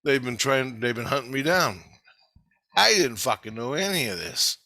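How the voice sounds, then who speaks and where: A man's voice: medium pitch, animated, normal speed, sharp tone, no echo. A man telling a rambling spiritual story to camera, swearing heavily and agitated. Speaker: vlogger. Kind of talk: rambling monologue.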